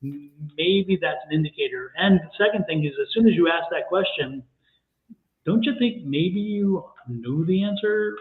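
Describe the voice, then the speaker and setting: A man co-hosting a livestream tarot reading, deliberate and emphatic with a wry edge. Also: fairly high pitch, a little hiss or hum. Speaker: tarot reader and co-host. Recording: tinny phone-like sound in an echoey room.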